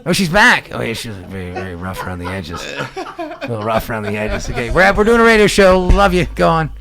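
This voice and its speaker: A man co-hosting a small local radio show, chatting and joking excitedly, laughing often. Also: medium pitch, fairly quick, gravelly, crowd noise. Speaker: radio co-host. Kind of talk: casual radio banter.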